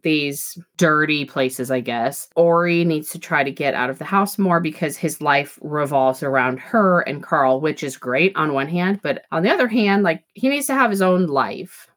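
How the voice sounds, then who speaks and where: A woman's voice: deep voice, expressive, normal speed, few pauses. A woman co-hosting a casual podcast, frankly retelling a book's plot and laughing often. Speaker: podcast co-host. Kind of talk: casual book-recap chat.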